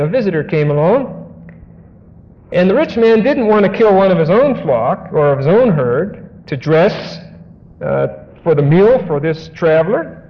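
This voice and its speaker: A man preaching, his voice fairly high for a man and rising hard on his emphatic points. He reads scripture and drops plain explanations between the verses. The recording is dull and lo-fi, with a long reverb trailing each phrase as in a big hall. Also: animated, moderate pace. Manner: emphatic, rises in pitch for stressed points, asides between scripture readings. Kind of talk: sermon, expository Bible teaching. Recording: dull lo-fi audio in a large echoing hall.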